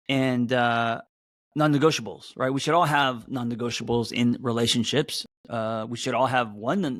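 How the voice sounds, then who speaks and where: Man, therapist host, casual live chat, middle pitch, many ums and restarts, voice sometimes jumps high, dry sound. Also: dry recording. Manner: loose and conversational, with many fillers and restarts. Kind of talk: casual live-stream talk.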